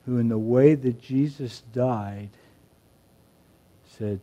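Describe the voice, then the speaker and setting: Male preacher, mellow tone, swings from hushed reflection to forceful emphasis. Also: medium pitch, takes it slowly, pauses often, lo-fi sound. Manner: swings from quiet reflection to loud emphatic shouts. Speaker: pastor. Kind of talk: sermon.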